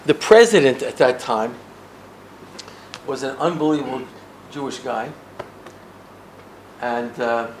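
An older man from the United States telling a personal story, swinging between loud bursts and hushed asides. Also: medium pitch, slow pace, long pauses, slight background noise.

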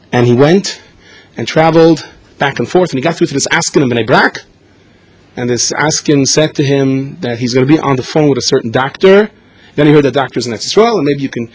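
A man giving a storytelling sermon, animated and acting out the voices in his tales. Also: mid-range voice, husky, no echo. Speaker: speaker.

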